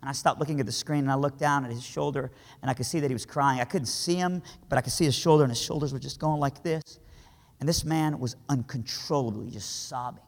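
A man from Iran telling a dramatic story to a crowd, swinging between hushed lines and impassioned cries. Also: medium pitch, quick pace, vocal fry. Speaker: speaker. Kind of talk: storytelling sermon. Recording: hall reverb.

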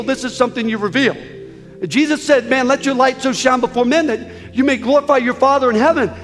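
A man preaching an altar call in a large church, urging listeners again and again. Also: very high voice. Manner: urgent, repetitive exhortation. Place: large church hall with balcony. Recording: echoey hall with soft music.

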